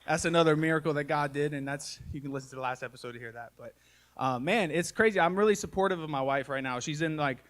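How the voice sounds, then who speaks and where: A stand-up comedian and podcast host in his thirties performs live before an audience, telling family stories in a folksy, self-mocking way peppered with "y'all" and "man." He talks fast in a fairly bright voice on the high side.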